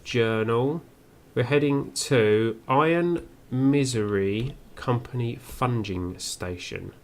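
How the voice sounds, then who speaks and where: Gravelly man musing through a game. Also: medium pitch, slow. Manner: musing, reads on-screen text aloud. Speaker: game streamer. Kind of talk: first-play commentary.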